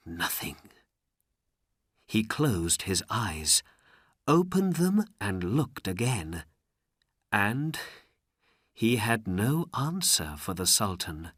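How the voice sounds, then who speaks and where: A woman reads a storybook aloud in a very low voice, slow and carefully enunciated. Her pitch still moves lively through each sentence, and the recording is dry and close. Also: no echo. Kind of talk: graded reader narration.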